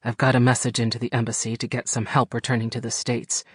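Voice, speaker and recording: A man doing a worn-out, raspy stranded traveler. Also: mid-range voice, level tone, fast talker, dry recording, clean studio sound, close to an everyday voice. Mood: weary. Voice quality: raspy from hours of talking. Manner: weary, clipped phone talk. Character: exhausted, irritated man stranded at an airport. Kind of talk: audiobook character voice.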